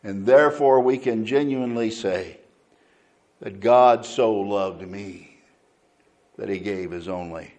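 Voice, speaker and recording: A man preaching a sermon to a church congregation, repeating key phrases slowly and deliberately. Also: fairly low pitch, darkish tone. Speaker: pastor.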